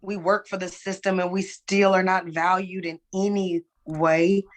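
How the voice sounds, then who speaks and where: A woman's voice: lowish voice, level tone, measured pace. A woman speaking as a guest in a candid conversation, earnest and emphatic, often checking in with "right?". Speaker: guest, musician.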